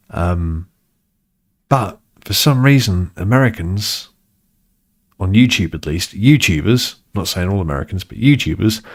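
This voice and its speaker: A man's voice: lowish voice, lively intonation, a little slow, pauses often, slightly rough. A middle-aged British man chatting casually while streaming a game, rambling and swearing in mock exasperation. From United Kingdom. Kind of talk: casual chat while gaming.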